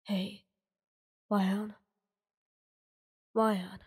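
A woman voicing a calm, remorseful teenage boy hero in a soft whisper, as whispered role-play. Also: mid-range voice, extremely slow, husky, in a large hall, exaggerated voice.

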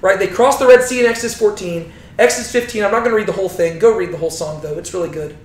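A man's voice: sits high, very fast, hardly any pauses. A man teaching a Bible lesson, telling the story with animation and often checking in with "right?". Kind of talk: teaching talk. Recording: roomy echo.

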